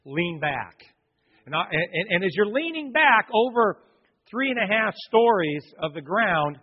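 A pastor with a high-sitting, breathy-edged voice tells a personal story during his sermon, animatedly acting out the voices of the others involved. The audio is dull and lo-fi, recorded in a hall with long reverb.

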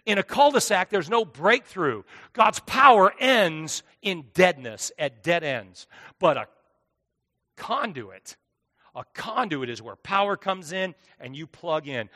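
A high, bright male pastor delivers a sermon, dropping to hushed asides and then rising to loud, driving lines. His voice carries a long hall reverb. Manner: preaching with sweeping swings between hushed and loud.

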